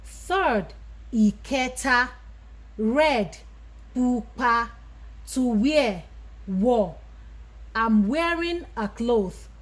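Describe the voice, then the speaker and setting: A woman's voice: on the high side, animated, very slow, long pauses. A woman with a Yoruba accent, teaching a language lesson, who says each Yoruba word and then gives its English meaning. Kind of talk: slow vocabulary lesson.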